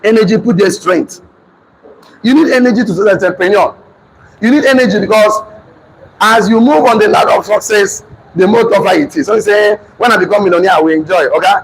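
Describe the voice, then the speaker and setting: A man in his thirties with a Nigerian accent, giving an emphatic motivational seminar talk, often shouting and repeating lines for his audience. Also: high voice, a little fast. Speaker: motivational speaker. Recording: noisy room recording.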